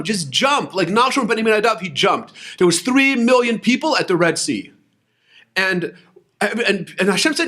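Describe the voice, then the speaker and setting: A man's voice: sits high, a bit bright. A young man speaking casually, urging listeners to move to Israel and telling stories with voiced quotes and frequent restarts. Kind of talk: casual spoken talk. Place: lives in Israel.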